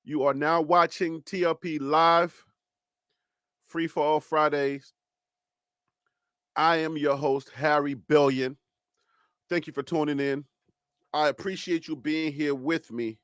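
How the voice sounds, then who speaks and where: A man with a Liberian accent hosts a casual sports talk stream with a fairly high voice. He talks straight to his viewers, animated and quick to laugh. The sound is close and dry. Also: clear, resonant tone, no echo. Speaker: host.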